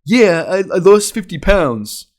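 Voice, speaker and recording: A man's voice: high voice, very animated, slow pace, pitched above the performer's own voice, full character voice. A man doing his defensive young cousin. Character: touchy young male cousin.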